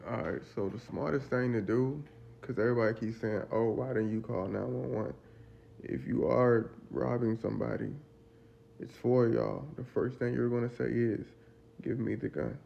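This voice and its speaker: A man from Virginia telling his survival story in an interview, casual and animated, acting out the dialogue and repeating phrases for emphasis. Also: medium pitch, moderate pace, creaky, muffled recording, a little hiss or hum. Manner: animated, acts out the dialogue and sounds.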